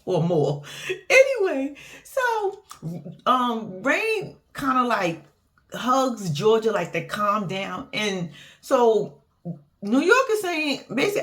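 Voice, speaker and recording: A woman's voice: on the high side, slow. A woman recapping a reality show in casual, profane chat, laughing often and acting out what people said. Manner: animated, profane, laughs often, acts out quotes.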